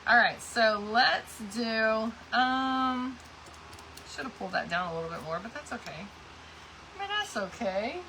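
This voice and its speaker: A woman's voice: fairly high pitch, expressive, measured pace, bright, forceful tone, a little hiss or hum, low-quality recording. A woman hosting a craft livestream, chatting casually and rambling as she greets viewers by name. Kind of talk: casual chat while crafting, reading viewer comments.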